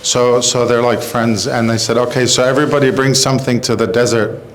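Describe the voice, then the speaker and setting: A man telling jokes on a comedy show in a halting, rambling way, full of fillers. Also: mid-range voice, flat delivery, slight background noise, rough recording. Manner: halting, rambling, with bursts of exaggerated crying in his jokes. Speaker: comedy show joke teller. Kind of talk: casual joke telling.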